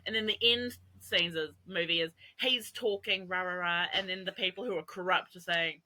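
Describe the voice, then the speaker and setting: A woman's voice: fairly low pitch, steady tone, normal speed, bright, forceful tone, a little hiss or hum, low-quality recording. A young adult woman co-hosting a podcast, telling a long rambling story with swearing and laughter. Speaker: podcast co-host. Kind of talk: casual chat.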